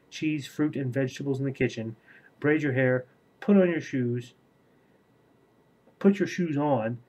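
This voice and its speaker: Man voicing frazzled young prince, exasperated, bossy, husky, storybook reading. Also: medium pitch, a little mellow, close to an everyday voice. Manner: exasperated, commanding.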